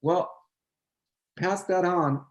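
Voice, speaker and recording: Animated older man telling a story. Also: high voice, extremely slow, reverberant, low-quality recording. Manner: animated, acts out both sides of remembered dialogue. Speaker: guest, choreographer and dancer. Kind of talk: storytelling in a casual chat.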